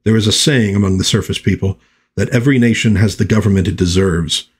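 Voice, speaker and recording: A man's voice: fairly low pitch, fast, a little hiss or hum, lightly acted. Man doing a proud undersea prince. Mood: scornful.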